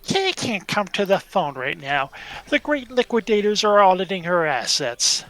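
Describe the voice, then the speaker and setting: A man's voice: high-pitched, big pitch swings, a bit bright, pitched above the performer's own voice, heavily acted, low-quality recording. A man putting on a greedy Ferengi alien. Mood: scheming. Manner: sly, theatrical, drawn-out sales patter. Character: greedy money-obsessed male Ferengi alien.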